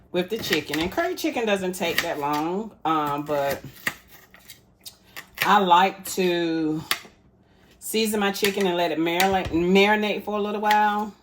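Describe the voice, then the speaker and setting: A woman's voice: on the low side, a little slow, long pauses, background noise. A woman, chatting casually to viewers while she cooks in her home kitchen and calls them y'all. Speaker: cooking vlogger. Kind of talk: casual cooking chat.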